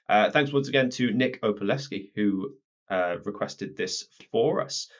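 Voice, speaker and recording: A man's voice: on the low side, unhurried. A man co-hosting a wrestling podcast and leading a casual chat, steering the talk through the event. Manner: leads the talk and walks his co-host through the event. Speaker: podcast co-host. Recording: dull lo-fi podcast audio.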